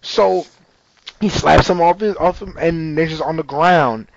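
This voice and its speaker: A man's voice: fairly high pitch, measured pace, gravelly, no room sound, dull audio. A man telling a story in casual chat, acting out the people in it. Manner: animated storyteller, acts out voices.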